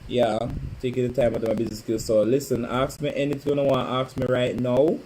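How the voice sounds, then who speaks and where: A man's voice: mid-range voice, little pitch movement, fast, mellow, slight background noise, poor audio. A man chatting casually on a home live stream, teasing and calling out to viewers by name. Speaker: livestream host. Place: home, indoors.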